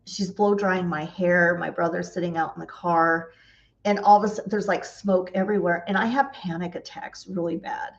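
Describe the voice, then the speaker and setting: A woman's voice: on the low side, highs cut off. A woman vlogger telling funny stories in a chatty way, laughing often and acting out the dialogue. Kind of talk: casual storytelling.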